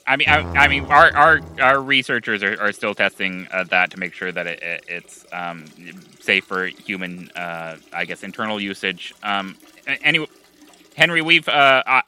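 A man's voice: fairly low pitch, moderate pace, pushed and bright, clear, resonant tone. A man co-hosting an improvised comedy show, talking hesitantly with many stammers and restarts.

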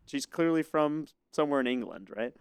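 An American man co-hosting a podcast, talking through a song in a thoughtful, measured way. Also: on the high side, lively intonation, clean tone, no room sound. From United States. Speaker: podcast co-host. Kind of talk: casual music discussion.

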